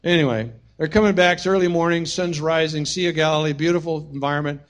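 A man's voice: fairly high pitch, fast. A man preaching a sermon as pastor, telling stories with humorous asides. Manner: storytelling, humorous, animated asides.

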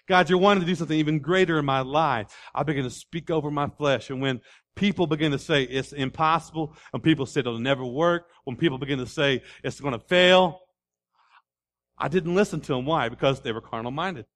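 Man, pastor preaching a sermon, a touch high-pitched, folksy storyteller who ramps up into loud declarations. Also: brisk.

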